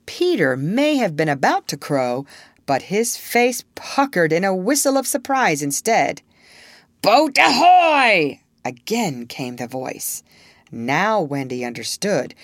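A woman reading a storybook aloud, slow and measured, with a lower voice that swings freely in pitch. The sound is dry and close, with no room echo. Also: very animated. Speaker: narrator.

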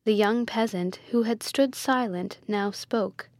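A woman reading a Gothic novel aloud in a measured, even storytelling manner. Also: on the high side, dry recording, clean studio sound. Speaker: audiobook reader.

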